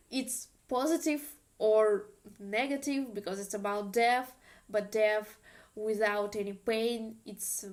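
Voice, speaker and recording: Slow-paced woman with a Russian accent. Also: medium pitch, fairly even intonation. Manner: patient, repeats phrases slowly for learners. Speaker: language teacher. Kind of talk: online language lesson.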